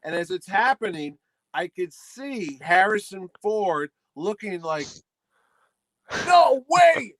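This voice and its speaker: Speaking at a measured pace in a high voice, a middle-aged male podcast host shares a humorous story during an easygoing chat, animated throughout and acting out what people said. The recording is dry and low in quality.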